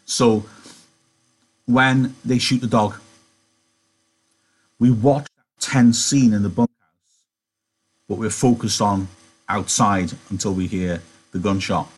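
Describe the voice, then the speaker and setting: A man's voice: lowish voice, steady tone, slow pace, long pauses, breathy edge, rough recording. A man teaching literature, reading aloud and analysing a novel in a conversational way, with rhetorical questions.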